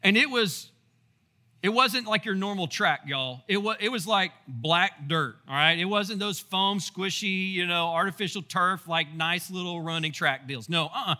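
Pastor guy preaching, high bright punchy voice, chatty stories and "right?" asides. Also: normal speed. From Texas. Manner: animated, storytelling with asides and rhetorical questions. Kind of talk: sermon.

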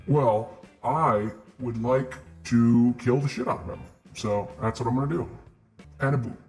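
Slow-talking brash man player. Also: mid-range voice, a little mellow, faint music behind. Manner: brash, swearing, unhurried. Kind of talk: tabletop game play.

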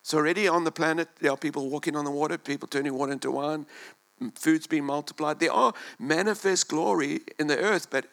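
Gravelly preacher swinging loud to hushed. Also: male voice, fairly high pitch, fast. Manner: impassioned, swinging between loud and hushed, repeating words. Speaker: pastor. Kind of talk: sermon. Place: church.

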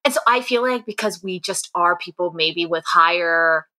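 Young female co-host, bright voice, lively and chatty, casual talk. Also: on the low side, normal speed. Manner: animated, chatty, laughs often. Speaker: podcast co-host. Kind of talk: casual conversation.

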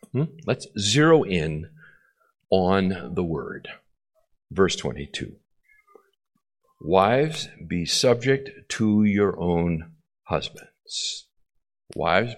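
Guy preaching a verse-by-verse sermon, lowish voice, says stuff twice and asks "okay?". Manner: repeats key phrases, checks in with the congregation. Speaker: pastor. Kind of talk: expository sermon.

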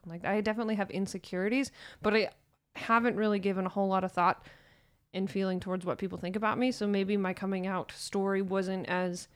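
A young woman talks casually as a podcast co-host, playful and chatty. Her voice sits in an ordinary middle pitch, and she breaks into easy laughs as she goes. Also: clear, resonant tone. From small town. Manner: chatty and playful, quick laughs and lively asides. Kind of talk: casual chat.

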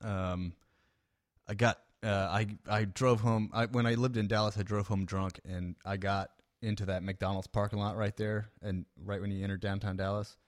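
Low-voiced man rambling through a story. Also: little pitch movement, normal speed. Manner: rambling, self-deprecating storytelling. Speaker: podcast co-host. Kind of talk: casual chat.

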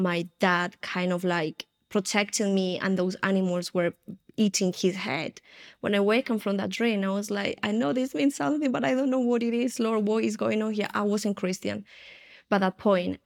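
A woman giving an earnest personal testimony in an interview, retelling her past with frequent restarts. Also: medium pitch.

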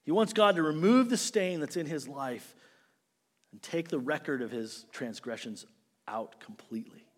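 A man preaching a sermon as pastor, swinging from loud emphasis to hushed asides and acting out imagined prayers. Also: on the high side, lively intonation, normal speed. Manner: acts out imagined prayers and quotes in character.

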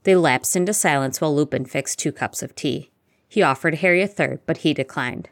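Low-voiced woman reading a story. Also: a little fast. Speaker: narrator. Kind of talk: reading fanfiction aloud.

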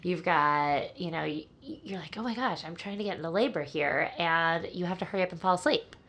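A woman's voice: lowish voice, brisk, fairly bright tone. A woman co-hosting a casual podcast chat, explaining things and checking in with "right?".

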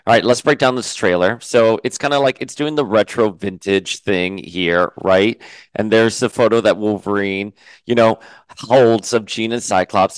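A man hosting an excited fan reaction show, gushing and stammering through restarts. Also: on the low side, no room sound. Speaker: YouTube show host.

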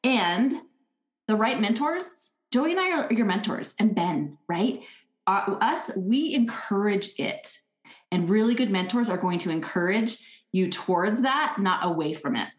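Animated woman in an echoey room. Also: mid-range voice, measured pace. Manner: animated, acts out little quoted thoughts. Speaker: podcast co-host. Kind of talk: casual chat.

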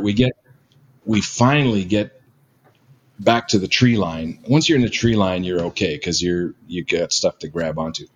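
A man's voice: on the low side, a little hiss or hum. Rambling older man telling a story. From Canada. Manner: rambling, many fillers, self-mocking. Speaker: guest storyteller. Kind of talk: casual storytelling.

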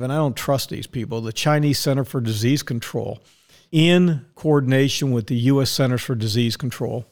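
A man's voice: a little high, darkish tone. An older man hosting his own podcast from a recording studio, talking in a heated, profane, ranting way. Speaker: podcast host. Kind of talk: solo podcast monologue.

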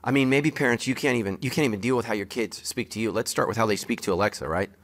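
Male pastor giving a sermon; direct, emphatic, playful delivery with a forceful, bright voice. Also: mid-range voice, quick pace. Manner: emphatic, joking preacher who talks straight to the congregation.

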